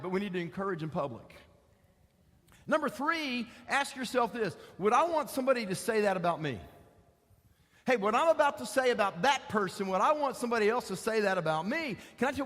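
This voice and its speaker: A man's voice: high voice, lively intonation, brisk, fairly bright tone. A male pastor preaching a sermon, driving points home with repeated rhetorical questions. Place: church sanctuary. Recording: church hall reverb.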